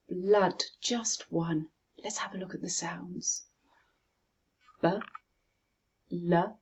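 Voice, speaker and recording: Woman, pronunciation coach, very slow deliberate delivery, breathy, slightly low voice. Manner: slow, deliberate, spells out sounds one by one.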